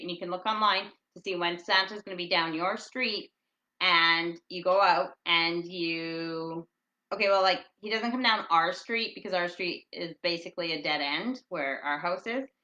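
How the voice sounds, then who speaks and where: A middle-aged woman hosting a casual, rambling chat show, who talks loudly and reads out listener comments as she goes. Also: lowish voice, reverberant, highs cut off. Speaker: podcast host. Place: at home in England.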